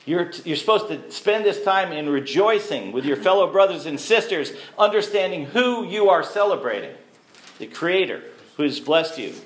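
A man's voice: high-pitched, animated, moderate pace. A man teaching a sermon to a congregation, conversational and asking the listeners questions. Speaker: messianic teacher. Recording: echoey room.

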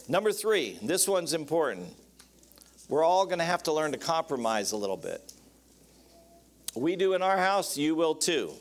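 Folksy higher-voiced male preacher. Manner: folksy, joking, calls out for amens. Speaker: pastor. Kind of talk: sermon on marriage.

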